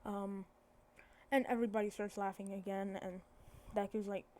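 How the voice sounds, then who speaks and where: Mellow rambling woman telling a fan story. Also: mid-range voice, little pitch movement, normal speed. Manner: rambling, self-correcting, many fillers. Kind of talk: casual fan-fiction storytelling.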